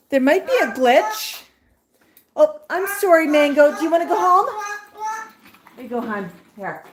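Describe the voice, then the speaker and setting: A woman hosting a livestream with her pet parrots, talking to them in sing-song baby talk and reading out viewer chat. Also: high voice. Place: home room with parrots. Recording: roomy room with background noise and bird sounds.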